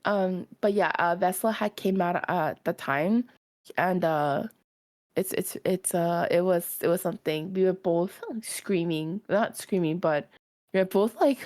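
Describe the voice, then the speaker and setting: A woman's voice: lowish voice, measured pace, darkish tone. A woman co-hosting a stream, casually chatting and telling a story, acting out quotes and laughing often. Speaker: stream co-host. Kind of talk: casual chat while drawing.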